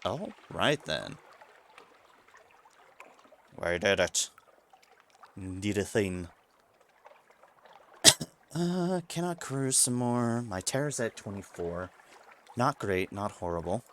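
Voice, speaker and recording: A man's voice: on the low side, expressive, takes it slowly, long pauses, fairly bright tone, slight background noise. A man streaming a video game, musing aloud about his choices and reading the game's text to himself in a casual way. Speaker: let's play streamer.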